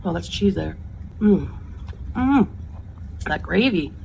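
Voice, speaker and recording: A woman's voice: lowish voice, expressive, slow, gravelly, dark tone, a little hiss or hum, rough recording. Woman chatting while eating on camera. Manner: chatty, savoring food. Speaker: mukbang host. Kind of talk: eating-show chat.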